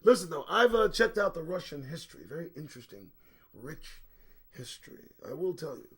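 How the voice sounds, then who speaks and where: A middle-aged man hosts his own live-streamed commentary show in a casual, blunt manner, cursing freely. His voice sits a bit high for a man and sounds slightly strained. He drifts into low, muttered stretches, then jumps into loud outbursts. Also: sing-song, brisk, husky. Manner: blunt and profane, swinging between low quiet stretches and sudden loud bursts. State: voice recovering from strain.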